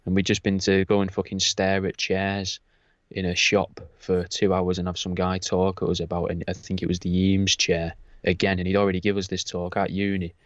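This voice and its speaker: A man's voice: sits low, completely flat delivery, normal speed, no room sound, muffled recording. A man, a podcast co-host, telling rambling anecdotes in a casual, sweary way.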